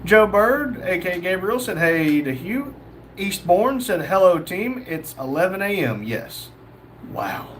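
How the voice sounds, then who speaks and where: A man's voice: high voice, big pitch swings, measured pace, fairly bright tone, slight background noise. A young man hosting a casual livestream, reading chat messages aloud and joking.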